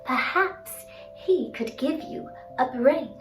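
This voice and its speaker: A kind and cheerful young farm girl, played by a woman, eager and friendly in her storybook adventure. Her high voice rings out in a roomy space, set back from the microphone, with faint music underneath. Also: lively intonation, takes it slowly, fairly bright tone, recorded from a distance, full character voice.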